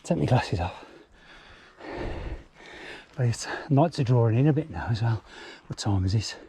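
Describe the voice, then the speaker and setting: This English mountain biker vlogger sounds expressive, with a dark, mid-range voice at normal speed. He swears freely in casual commentary while riding country trails, recorded on a bike camera whose mic picks up wind and traffic.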